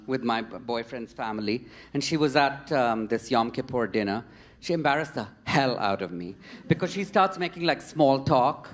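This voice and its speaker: A man doing a stand-up comedy set on a club stage, with a wry, conversational, self-deprecating delivery. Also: mid-range voice.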